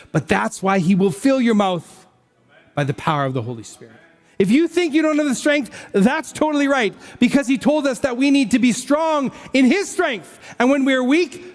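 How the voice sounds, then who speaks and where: A man's voice: sits high, a little mellow. A man preaching as pastor, emphatic and exhorting, speaking straight to his congregation and leading a closing prayer. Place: church service. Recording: reverberant church hall with faint worship music.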